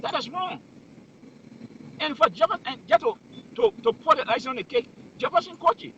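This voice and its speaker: A man's voice: extremely high pitch, sing-song, fairly quick, bright, forceful tone, dull audio, slight background noise. A man giving heated political commentary, emphatic and full of rhetorical questions.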